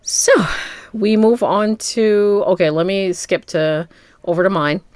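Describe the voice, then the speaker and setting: A woman's voice: mid-range voice, measured pace, a little mellow, dry recording. A woman co-hosting a podcast, rambling playfully through movie picks and laughing often. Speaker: podcast co-host. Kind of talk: casual chat.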